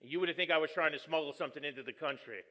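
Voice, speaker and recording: Bright-voiced joking pastor. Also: male voice, a little high, very fast. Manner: joking, storytelling, self-deprecating. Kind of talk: conversational sermon.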